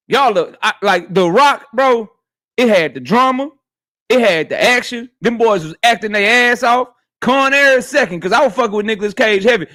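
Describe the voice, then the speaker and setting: A man's voice: extremely high pitch, moderate pace, sharp tone. A man hosting a casual livestream, talking in loose slang and answering viewers' chat messages. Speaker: host of a boxing talk livestream.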